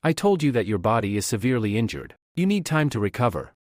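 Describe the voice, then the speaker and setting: A man's voice: medium pitch, quick pace, no room sound, clean studio sound, lightly acted. Man doing a cocky young alchemist hero. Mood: scolding. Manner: calm, casual, self-assured.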